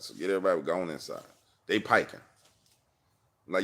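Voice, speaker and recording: A man hosting a livestream from his car, telling a personal story in a slangy, animated way and acting out the dialogue. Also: sits low, brisk, long pauses. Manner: slangy, acts out dialogue, laughs often. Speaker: livestream host.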